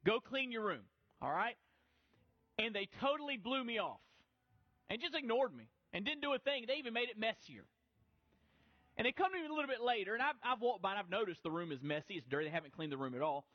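A middle-aged pastor with a notably high voice preaches in a relaxed, conversational way, stumbling over and restarting his words as he goes. The sound is dry and a little dull. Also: fast, dry recording. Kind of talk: sermon.

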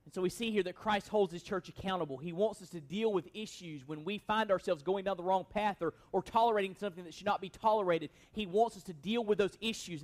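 A pastor with a strikingly high-pitched voice preaches an expository sermon. His delivery is earnestly emphatic, and he keeps turning his points into rhetorical questions for the congregation.

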